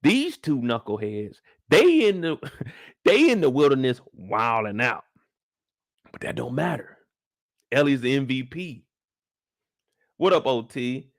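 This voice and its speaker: A man's voice: mid-range voice, sing-song, unhurried, long pauses, dry recording, clean studio sound. A man in his thirties hosting a live stream, chatting loosely in slang and greeting viewers by name. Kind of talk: casual live-stream review chat.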